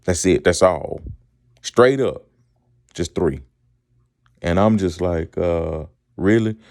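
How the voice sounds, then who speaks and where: A man's voice: sits low, slow pace, a little mellow, dry recording, clean studio sound. A middle-aged man, co-hosting a casual sports talk show, asking rhetorical questions and repeating himself. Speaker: podcast co-host.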